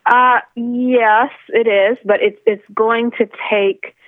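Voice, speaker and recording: A woman's voice: on the high side, steady tone, slow, no echo. A woman author, a guest on an interview podcast, speaking earnestly with many restarts and fillers. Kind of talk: phone-in interview. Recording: tinny phone line.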